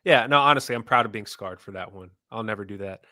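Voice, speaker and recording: A young man with a low but bright, forceful voice chats on a podcast. He rambles a little self-consciously, jumping between loud bursts and mumbles. The mic is close and dry. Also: fast, no echo. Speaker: podcast co-host. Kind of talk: casual chat.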